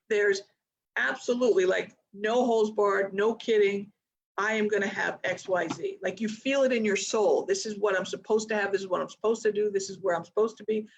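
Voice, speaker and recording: A woman trading mentor talking casually to a live online audience in an energetic, motivational way, with chatty asides. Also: medium pitch, dull audio. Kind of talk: casual live-stream talk.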